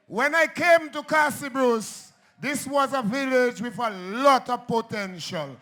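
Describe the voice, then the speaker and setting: A man delivers a militant solidarity speech at an outdoor rally, calling out to the crowd. His voice is very high and bright, and he speaks slowly and deliberately.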